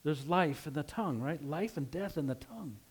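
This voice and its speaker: A man's voice: a little high, lively intonation, a little fast, slightly rough. A man from Utah with a slight Western drawl, preaching a conversational sermon and often asking "right?". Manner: conversational, asks "right?" often, laughs easily.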